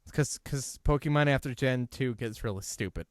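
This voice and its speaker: Joking man from Ohio, smooth voice. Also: mid-range voice, a little fast, no echo, clean studio sound. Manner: joking, sarcastic, playful. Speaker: podcast co-host. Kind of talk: casual chat.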